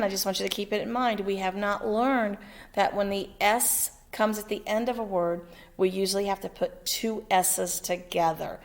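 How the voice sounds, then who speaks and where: A woman teaching a second-grade phonics lesson, sounding out letters slowly and clearly and encouraging her pupil. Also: mid-range voice. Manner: slow, patient, over-articulates letter sounds; encouraging, checks in with "okay?".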